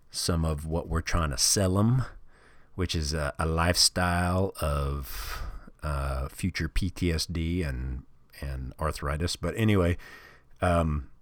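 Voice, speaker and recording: Middle-aged male podcast host from the Midwest, very low voice, dry close sound, rambling and foul-mouthed. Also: dry recording. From American Midwest. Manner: rambling, profane, self-deprecating storytelling. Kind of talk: casual solo podcast monologue.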